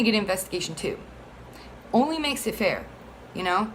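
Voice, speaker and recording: Earnest rambling single mom. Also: female voice, mid-range voice, big pitch swings, normal speed, a little hiss or hum, poor audio. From Florida. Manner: earnest, rambling, heated, frequent fillers. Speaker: single mother advocating for a bill. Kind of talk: casual advocacy monologue.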